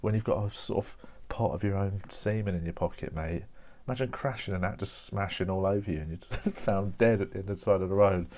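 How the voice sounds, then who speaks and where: A man's voice: low voice, a little fast, darkish tone, slight background noise. A young man telling a stand-up story to a camera with no audience, chatty and laughing often. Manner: chatty, laughs often, slips in mate and innit. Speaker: stand-up comedian. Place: home, performing to a camera online.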